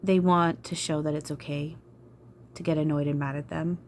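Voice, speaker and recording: Low-voiced woman venting on her vlog, sighs a lot, swears, frustrated. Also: fairly even intonation, normal speed, slight background noise. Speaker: spiritual channeler. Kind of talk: emotional vlog talk.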